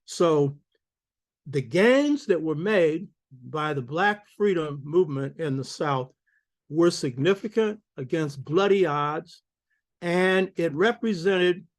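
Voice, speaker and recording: Older male lecturer, emphatic preacherly delivery, slightly high-pitched voice. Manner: preacherly, emphatic, calls out "you hear me?". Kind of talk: public lecture.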